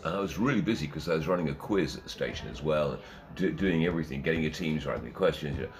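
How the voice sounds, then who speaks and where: Very deep-voiced man. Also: quick pace. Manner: animated, acts out quotes and laughs. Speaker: interview guest, radio DJ and music man. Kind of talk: anecdotal storytelling.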